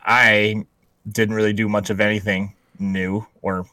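A man co-hosting a casual podcast with a bright, forceful tone sitting a little low in pitch. He jokes easily and keeps the chat loose. The sound is dry and close, with no room echo. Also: little pitch movement, measured pace. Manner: easygoing, joking banter. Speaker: podcast co-host.

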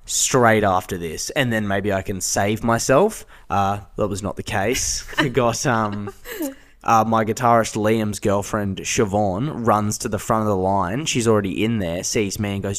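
A fairly low-pitched man chatting as a podcast guest. He tells his story loosely and animatedly, jumping up high whenever he mimics other people. He laughs often as he goes. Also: measured pace. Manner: animated storyteller, acts out quotes with big pitch jumps; laughs often while telling. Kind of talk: casual storytelling chat.

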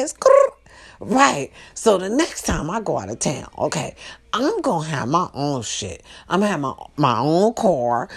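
A woman talks straight to her viewers in a casual live monologue. Her voice sits on the low side, but her pitch swings widely. She keeps checking in with her audience, then drops into quiet asides. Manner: animated, swings between loud outbursts and hushed asides. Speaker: host.

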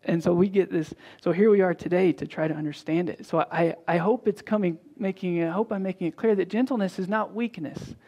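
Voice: steady tone, a little fast, few pauses, warm tone. A pastor delivering a sermon in a conversational way, with frequent restarts and repeated words, acting out quoted dialogue. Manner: conversational, acts out quoted dialogue with big pitch jumps.

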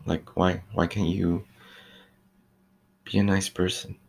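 A young man with a deep voice and a gravelly, creaky edge talks in a loose, rambling rant. He sounds exasperated, peppering his speech with "like", "you know" and swearing as he vents about work at a fast-food shop. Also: level tone. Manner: exasperated, venting about rude customers. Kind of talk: casual ranting monologue.

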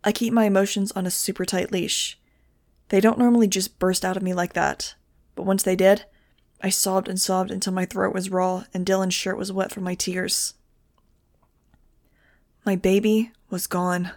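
A woman reading a novel aloud in the first person, with a steady, measured delivery. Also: medium pitch, no echo, studio quality. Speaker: audiobook reader.

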